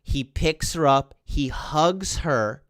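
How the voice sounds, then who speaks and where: Male podcast host, animated profane ranter, clear higher voice. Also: takes it slowly, dry recording, studio quality. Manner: animated, indignant, heavy swearing and fillers. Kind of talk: casual profane movie recap.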